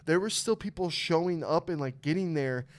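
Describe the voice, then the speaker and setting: A man's voice: fairly high pitch, normal speed. A young man hosting a podcast, telling emotional personal stories in casual chat with lots of swearing. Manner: emotional storytelling, heavy swearing. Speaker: podcast host.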